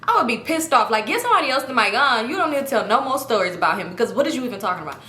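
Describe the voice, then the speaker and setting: A young woman telling a long story in casual, animated, slangy speech full of swearing, her voice jumping high for emphasis. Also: racing. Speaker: storyteller vlogger. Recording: echoey room with faint rumble.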